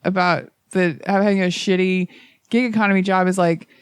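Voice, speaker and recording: Profane, lively woman comic storyteller. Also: fairly low pitch, moderate pace, clear, resonant tone, dry recording, studio quality. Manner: profane, animated anecdotes with acted-out quotes. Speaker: comedian guest. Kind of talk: casual chat, comic storytelling.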